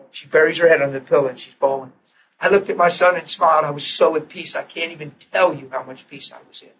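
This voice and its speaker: A man preaching a sermon, telling a personal story with animated restarts and soft, hushed quoted prayers. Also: on the high side, fairly quick, dull audio, slight background noise.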